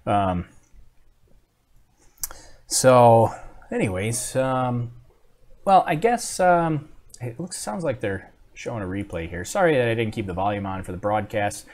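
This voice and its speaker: A man's voice: mid-range voice, a little mellow. Rambling man hosting a casual live stream. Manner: rambling, hesitant, many fillers and restarts. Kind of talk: casual live commentary reading chat.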